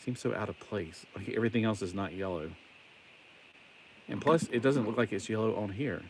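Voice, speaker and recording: A man's voice: on the low side, normal speed, slight background noise. A man with a Southern US accent chatting casually and rambling while building toys on a live stream. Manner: rambling, chatty, jokey asides. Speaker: toy collector streamer.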